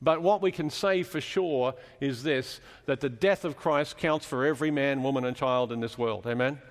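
A man's voice: mid-range voice, normal speed. Man preaching in a reverberant chapel. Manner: teaching, explains scripture with questions to the congregation. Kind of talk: sermon.

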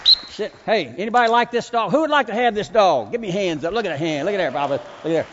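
A man preaching in a seminary chapel while working a dog, swinging between loud commands and soft, hushed points. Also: high-pitched, expressive, fast talker, some chatter behind, a little hiss or hum. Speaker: chapel speaker training a dog. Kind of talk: sermon with a live dog demonstration. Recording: echoey hall, dull lo-fi sound.

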